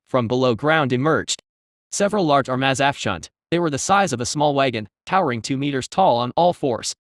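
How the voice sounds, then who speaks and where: Male narrator, fantasy audiobook read, slightly high voice, dry close recording. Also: dry recording.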